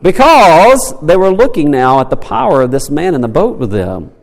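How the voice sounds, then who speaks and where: Animated man teaching a church class. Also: a little high, moderate pace, vocal fry. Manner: animated, asks the class questions, acts out quotes. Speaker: Sunday school teacher. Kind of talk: Bible lesson to a church class. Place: church room. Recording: long hall reverb.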